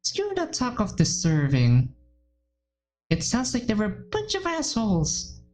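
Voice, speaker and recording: A woman's voice: on the high side, wildly swooping pitch, a little slow, darkish tone, a little hiss or hum, pitched above the performer's own voice. A woman voicing a blunt, fiery, protective small teenage girl in a visual novel game. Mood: indignant. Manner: brash, protective.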